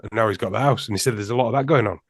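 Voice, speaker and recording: A man's voice: on the low side, very fast, no echo, clean studio sound. A man, a podcast guest, rambles through anecdotes in casual roundtable chat, laughing often.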